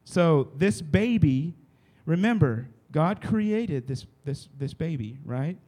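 Male preacher, slightly high voice, casual style, talks with his audience. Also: expressive, takes it slowly, mellow. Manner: conversational, keeps checking in with the listeners. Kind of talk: casual sermon to a youth group. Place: room with a live audience.

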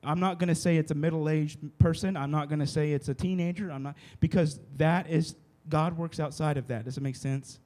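A man's voice: fairly high pitch, steady tone, a little fast, hardly any pauses, darkish tone. Conversational male preacher. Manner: conversational, keeps checking in with the listeners. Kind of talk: casual sermon to a youth group. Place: room with a live audience.

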